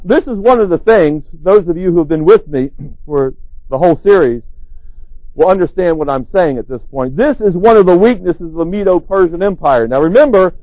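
High-voiced man preaching a sermon. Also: dark tone, dry recording, poor audio. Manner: expository Bible teaching, acts out quotes in a raised voice.

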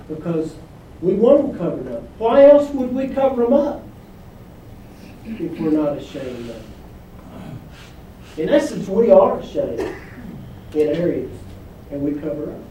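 A man's voice: sits high, dark tone, dull audio, slight background noise. A male pastor preaching a sermon emphatically, calling for the congregation's response. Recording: echoey room from far off.

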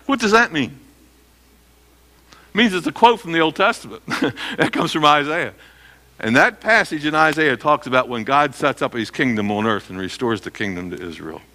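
A man's voice: on the high side, expressive, moderate pace, bright, forceful tone. A middle-aged man preaching a sermon as pastor, emphatic and quizzing his listeners with questions he answers himself. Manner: emphatic, asks the congregation questions and answers them.

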